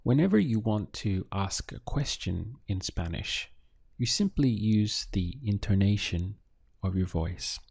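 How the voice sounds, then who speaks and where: Male tutor for lesson narration: unhurried, deliberate delivery, warm low tone. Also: animated, creaky, breathy edge, no room sound. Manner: slow, deliberate, models Spanish phrases. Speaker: language teacher.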